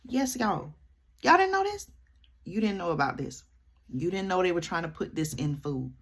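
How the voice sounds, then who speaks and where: A woman's voice: fairly low pitch, sing-song, moderate pace, slightly rough. A woman, commenting to camera and keeping up a running chat with her viewers, checking in with them often. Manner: chatty, keeps addressing viewers with "y'all" and "okay?". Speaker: vlogger.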